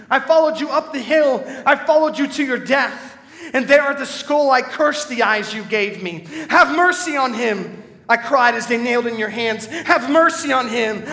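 A man's voice: very high-pitched, sharp tone, pitched above the performer's own voice. A man voicing Bartimaeus, a healed blind beggar, in an impassioned dramatic recital of a poem. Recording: echoey hall reverb.

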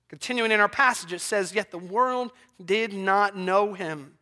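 A man preaching a sermon, swinging between hushed near-whispers and loud, emphatic declarations. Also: high voice, a little slow, few pauses.

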